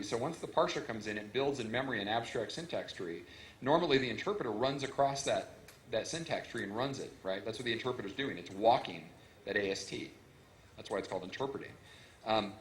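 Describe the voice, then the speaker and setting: A man's voice: mid-range voice, a little hiss or hum. A man giving a technical conference talk, explaining in a casual way with lots of fillers and restarts, into a stage microphone. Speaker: conference speaker. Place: conference hall. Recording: roomy hall echo.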